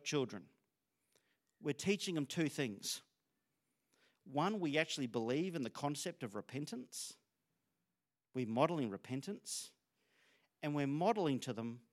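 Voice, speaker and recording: A middle-aged Australian man preaching a sermon in a conversational, storytelling way, sharing stories about himself. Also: mid-range voice. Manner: conversational, storytelling, self-disclosing.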